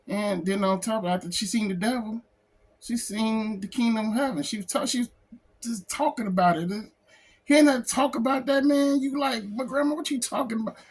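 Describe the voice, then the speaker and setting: A man who is a comic book artist, talking in an emotional personal vlog, close to tears, halting and repeating himself. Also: sits high. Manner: halting, repeats phrases, says "man" a lot. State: tearful, close to crying.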